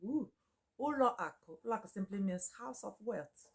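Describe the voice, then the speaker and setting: A woman teaching names in a casual chat, repeating each one slowly and laughing often. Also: mid-range voice, expressive, vocal fry. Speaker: Igbo language teacher. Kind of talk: casual spoken lesson.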